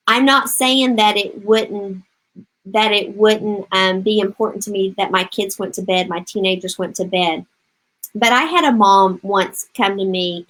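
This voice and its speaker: A woman's voice: mid-range voice, fairly bright tone, poor audio. A middle-aged woman gives parenting advice on a live stream with an upbeat, encouraging voice. She speaks straight to the parents watching, with a voice in the middle of the range for a woman, and reads out and answers viewer comments. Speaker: parenting coach.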